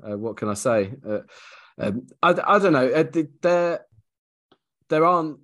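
A man's voice: fairly high pitch, animated, unhurried, a bit bright. A man co-hosting a casual sports podcast, talking through the game analytically with hesitant restarts and easy laughs. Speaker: podcast co-host.

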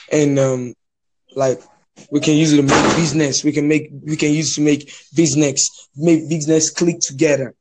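A man's voice: on the high side, noisy background. A young Nigerian man with a slightly raised voice talks in a loose, casual way. He hesitates often and circles back to restart his sentences. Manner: hesitant, many restarts and fillers. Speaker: podcast guest. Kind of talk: casual chat.

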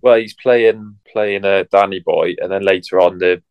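A man's voice: sits low, steady tone, normal speed, smooth, dry recording, muffled recording. A man co-hosting a podcast in casual chat, throwing in dry one-line quips. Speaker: podcast co-host.

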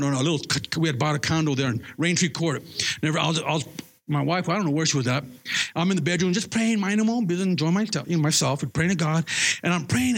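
A man preaching with a fairly high, husky, gravelly voice. He swings widely in pitch as he tells his conversion story and plays out the quoted dialogue himself. His delivery is loose and unscripted, full of restarts and repeated words. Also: fairly bright tone. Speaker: pastor. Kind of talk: sermon with personal testimony.

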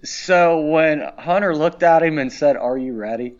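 Excitable, foul-mouthed man, slightly high voice. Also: unhurried, highs cut off. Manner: excitable, profane, animated storytelling. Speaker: podcast co-host. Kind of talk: casual wrestling podcast chat.

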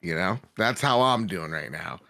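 Animated man telling a story. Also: sits low, moderate pace, vocal fry, dry recording, studio quality. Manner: chatty, storytelling. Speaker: guest podcast host. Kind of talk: casual podcast chat.

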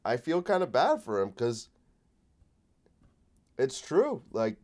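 Sick with a cold, a solo comedy podcast host rambles, cursing his way through a sarcastic rant. He speaks slowly in a mid-range, darkish voice whose pitch swoops wildly.

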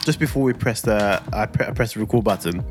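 Teasing young dad co-hosting a podcast. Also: male voice, fast talker, faint music behind. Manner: teasing, mimics his wife in a high put-on voice. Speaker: podcast co-host. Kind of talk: casual banter.

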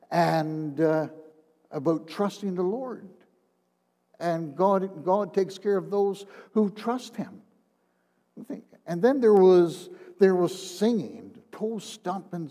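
An older man gives a personal testimony in a slow, halting way, repeating his words and sinking into a hushed tone. His voice sits a little high and sounds mellow and dark. A long reverb from a large hall trails behind him. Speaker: retired minister.

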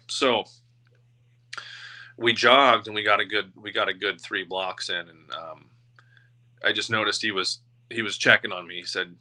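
Bright-voiced man, emotional and halting. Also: low voice, steady tone. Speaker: guest. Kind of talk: personal storytelling in an interview.

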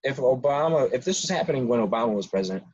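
A man's voice: mid-range voice, lively intonation, fast talker, a little mellow, husky. A man around twenty, co-hosting a casual podcast, ranting his opinions heatedly with frequent restarts. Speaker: podcast co-host. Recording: dull lo-fi sound.

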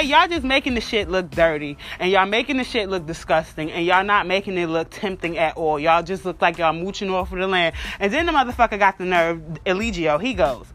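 Blunt, profane woman giving gossip commentary. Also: a little high. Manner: blunt, animated, swearing freely. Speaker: commentary host.

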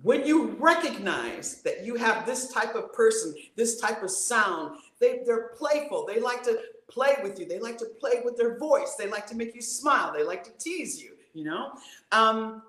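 A woman voice coach on a video call, talking in a playful, animated way and acting out voices. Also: moderate pace, roomy sound. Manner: playful, acts out voices, swings pitch widely. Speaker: voice coach guest.

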